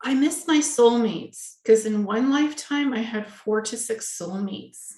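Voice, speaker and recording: Chatty, somewhat high-voiced woman in an echoey room. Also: lively intonation, a little slow, darkish tone. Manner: chatty, tells family anecdotes with quoted dialogue. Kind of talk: casual video-call interview.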